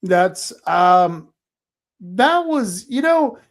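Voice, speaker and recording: Halting, rambling male talk-show host. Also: high-pitched, sing-song. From Oregon. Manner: rambling, halting with many fillers. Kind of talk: casual panel talk.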